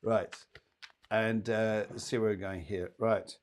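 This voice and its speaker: A man's voice: fairly low pitch, steady tone, slow, noisy background. A man hosting a live psychic show, giving readings in a chatty, rambling way with playful asides.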